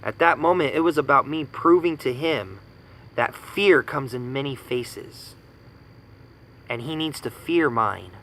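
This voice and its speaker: A man in his thirties rants with indignant, profane force, repeating his points for emphasis. His voice is gravelly and bright, sitting a little high, with a faint hiss of noise behind him. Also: measured pace, low-quality recording. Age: 30s. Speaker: vlogger ranting. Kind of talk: angry personal rant.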